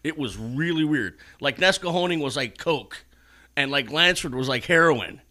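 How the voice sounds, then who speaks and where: A man's voice: on the high side, animated, moderate pace, sharp tone. A man ranting in casual chat, swearing a lot and sarcastic.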